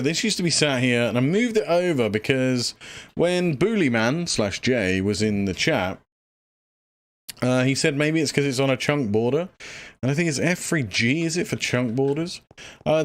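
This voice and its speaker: A man's voice: fairly high pitch, animated, normal speed. A man casually chatting through a livestream, out of breath and rambling with lots of fillers as he thinks aloud. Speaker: streamer. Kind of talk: casual gameplay livestream chat.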